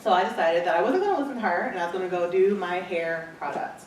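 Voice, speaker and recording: This entrepreneur from Michigan, USA, has a fairly low, expressive voice and talks fast while recounting her business story to a crowd. She acts out quoted lines, and the sound comes through an echoey hall from a distant mic with faint noise.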